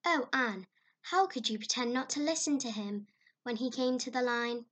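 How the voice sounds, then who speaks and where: Woman doing an excitable, giggly young girl. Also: a little high, normal speed. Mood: eager. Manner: eager and excitable. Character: lively, giggly young girl, best friend.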